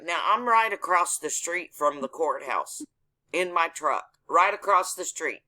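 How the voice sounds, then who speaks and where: A woman's voice: fairly low pitch, a little slow, pushed and bright. A woman telling a story in casual chat, blunt and profane in manner.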